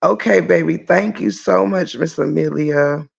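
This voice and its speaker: A man's voice: fairly high pitch, unhurried, creaky, slightly rough. A man hosting a casual livestream, reading the chat and ranting bluntly with lots of profanity. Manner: blunt and profane, shouts in laughter. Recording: dull lo-fi stream audio.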